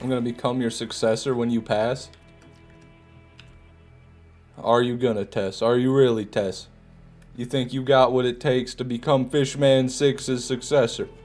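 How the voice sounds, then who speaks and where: A man's voice: mid-range voice, flat delivery, measured pace, pauses often, a little mellow, faint music behind. A young man from Michigan with a Michigan accent, casually commentating a game stream and bantering with his chat in a joking, mock-indignant way. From Michigan, USA.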